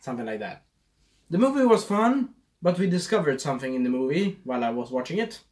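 A man's voice: on the high side, very animated, fast, darkish tone. A man casually reviewing a movie, rambling and losing his train of thought, with a scratchy throat.

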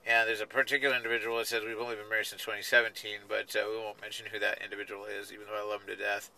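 A man's voice: on the low side, level tone, rapid-fire, pushed and bright, poor audio. A man in his forties, talking in a rambling, chatty way with self-deprecating jokes, from inside his parked car at night. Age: 40s. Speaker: vlogger. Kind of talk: rambling casual vlog.

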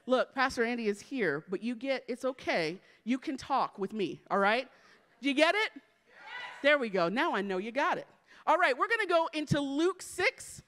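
A woman pastor delivers a sermon in a fairly high voice. She is animated and personal and keeps drawing the congregation in with quick questions. Her tone stays conversational even from the pulpit. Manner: lively, engaging the congregation with questions.

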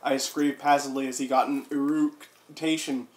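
A man's voice: mid-range voice, little pitch movement, normal speed. A man giving an exaggerated comedic reading with friends, jumping between silly voices and asides, his throat sore from coughing. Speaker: comedic reader. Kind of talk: mock dramatic reading with friends. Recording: echoey room.

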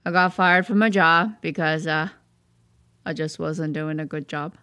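A woman's voice: low-pitched, steady tone, unhurried, sharp tone, no room sound, studio quality. A woman voicing a whiny male tornado. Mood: complaining. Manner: whiny, exasperated, pleading. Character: gloomy adult male tornado, destructive, self-pitying. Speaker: therapy patient. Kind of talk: cartoon voice acting.

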